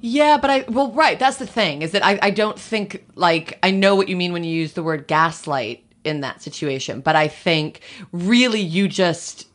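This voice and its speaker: Low-voiced woman comedian talking things through. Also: animated, normal speed, hardly any pauses. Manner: reflective, thinks out loud with many "like"s. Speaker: podcast guest, comedian. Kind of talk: casual chat.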